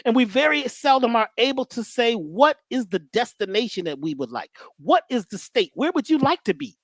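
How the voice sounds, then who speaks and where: A woman's voice: fairly high pitch, big pitch swings, moderate pace, dry recording, studio quality. A woman giving a preachy motivational talk as a guest, full of rhetorical questions, repeated phrases and slang. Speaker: guest teacher on mindset and healing.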